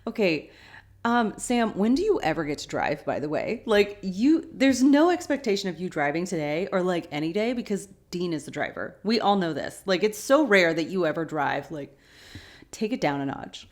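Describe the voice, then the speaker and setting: A woman's voice: on the low side, big pitch swings, normal speed, a little mellow. A woman hosting a rewatch podcast, casually retelling an episode's scenes and adding her own opinions.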